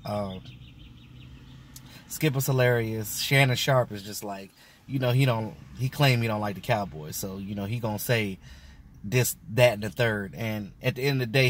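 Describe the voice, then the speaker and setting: A man's voice: on the low side, slight background noise. A man giving a loose, rambling reaction to a sports interview, full of fillers and restarts. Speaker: sports fan vlogger. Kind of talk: casual reaction commentary.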